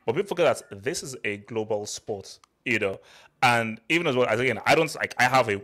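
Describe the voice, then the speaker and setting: A man's voice: medium pitch, brisk. A man with an accent hosting a football channel, ranting passionately in casual chat. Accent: non-English accent. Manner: animated, passionate rant.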